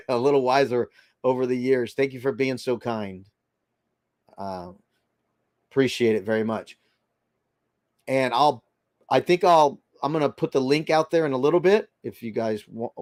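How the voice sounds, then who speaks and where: A man's voice: medium pitch, a little mellow, no room sound. Older guy rambling on his livestream, reads the chat out, dry close mic, no room sound. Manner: rambling, chatty, reads viewer comments aloud. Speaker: livestream host reading chat.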